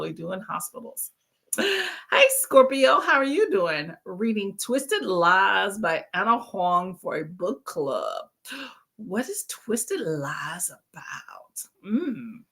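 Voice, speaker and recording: A tired woman who hasn't slept hosts a casual book club livestream, chatting and laughing often as she greets her chat. Her voice is mid-range, gravelly, and sharp in tone.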